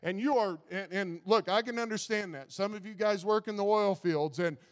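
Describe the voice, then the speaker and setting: A man's voice: high voice, moderate pace, in a large hall. A man preaching a sermon in a folksy way, often stumbling over and repeating his words. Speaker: pastor.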